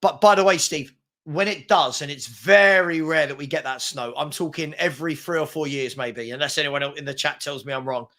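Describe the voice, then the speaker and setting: English male co-host, slightly high voice, chatty rambling match commentary. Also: steady tone, fairly quick, a bit bright. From England. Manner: chatty, rambling, lots of fillers and restarts. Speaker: live stream co-host. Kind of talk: casual live football commentary.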